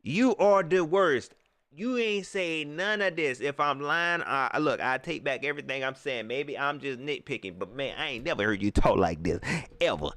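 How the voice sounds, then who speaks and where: A man's voice: medium pitch, moderate pace, sharp tone, dry recording. A man hosting a post-game livestream, ranting in repetitive casual slang. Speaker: livestream host.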